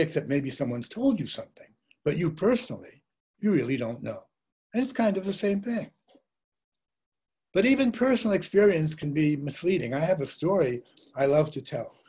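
A man's voice: fairly high pitch, a little mellow, husky. An older man giving a talk as a journalist, reflective, telling stories and posing rhetorical questions. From Russia and the United States. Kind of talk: lecture.

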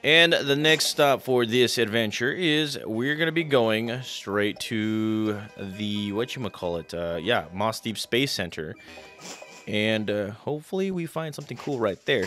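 A man commentating a video game playthrough, chatty and excitable, with frequent stumbles and restarts. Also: lowish voice, measured pace, faint music behind. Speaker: let's play commentator.

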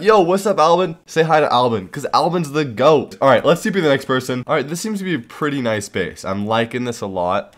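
A young man narrates his gameplay in a casual, excitable way, half talking to himself. His voice sits a little low for a man. He sounds like he is speaking into a desk microphone. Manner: excitable, giggly, talks to himself while trolling players. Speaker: Minecraft server owner and YouTuber.

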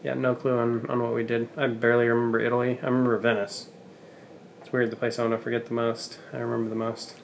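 Young man, casual travel vlog host, jokey and rambling, mid-range voice, clear background noise on a handheld recording. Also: mid-range voice, monotone, fast. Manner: joking, chatty, rambling. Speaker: travel vlogger. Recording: handheld camera with ambient noise.

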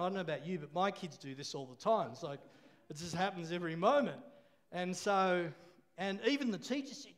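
A man's voice: high-pitched, fairly quick. A man preaching a sermon, telling a story with laughs and call-and-response.

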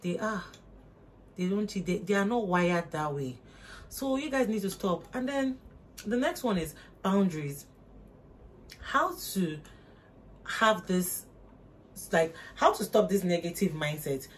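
A woman's voice: lively intonation, measured pace, long pauses, slight background noise. Young woman talking to camera, casual motivational chat, keeps repeating herself for emphasis. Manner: emphatic, preachy, repeats points, rises in pitch for emphasis. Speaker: motivational vlogger.

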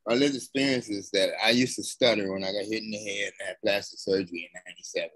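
A man giving an emotional personal account on an online panel, halting and searching for words, sounding aggrieved. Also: lowish voice, fairly even intonation, a bit bright, dry recording, rough recording. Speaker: conference attendee.

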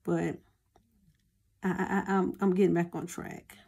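A woman's voice: on the low side, level tone, a little slow, creaky, darkish tone, breathy edge. A woman chatting casually to her viewers as a budgeting vlogger, often calling them y'all.

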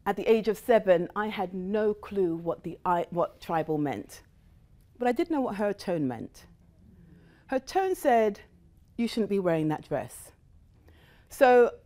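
Animated woman speaker with lively pitch. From United States. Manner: animated storyteller, shifting into quoted voices. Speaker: guest speaker. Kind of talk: motivational talk to a live audience.

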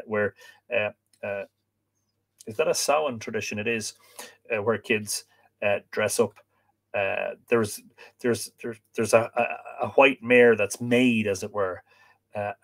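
A man hosting a live show. He reads a folklore book aloud and breaks off to chat casually with viewer comments, often hesitating with 'uh'. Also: fairly low pitch. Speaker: podcast host.

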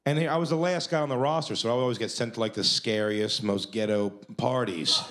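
Brief: male comic on stage, swearing casually and laughing through his lines, mid-pitched, live club noise behind. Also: quick pace. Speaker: stand-up comedian. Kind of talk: stand-up storytelling.

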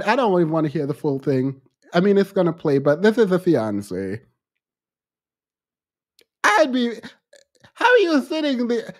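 A man co-hosting a casual commentary podcast, reacting in an animated, exasperated way. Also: measured pace, long pauses. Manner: animated, exasperated commentary with sudden pitch jumps. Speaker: podcast co-host.

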